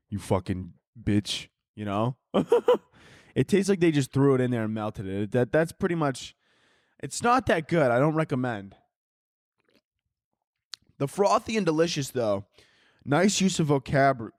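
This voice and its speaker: A man's voice: mid-range voice, darkish tone, no room sound. Guy hosting a podcast from his house, rambling crude jokes, mid voice, dry close sound. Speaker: podcast host. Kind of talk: casual comedic monologue. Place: home, downstairs by a Christmas tree.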